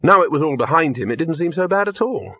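A husky male narrator telling a story in a measured, steady way. The recording is dull and lo-fi, very dry and close to the mic. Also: fairly high pitch, dry recording. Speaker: audiobook narrator. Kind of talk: scripted narration.

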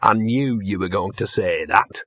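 A cynical talking mutt, voiced by a man in an audiobook, grudging and sardonic with a husky edge. The recording is dull and lo-fi, dry and close. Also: fairly low pitch, measured pace, a bit bright, dry recording, voice pushed down. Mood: grumbling. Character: streetwise grumbling talking male dog.

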